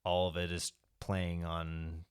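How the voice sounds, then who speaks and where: A man's voice: low-pitched, monotone, slow pace, clear, resonant tone. A man co-hosting a podcast, casually retelling a film scene by scene in a rambling way with frequent profanity. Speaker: podcast co-host. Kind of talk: casual movie recap chat.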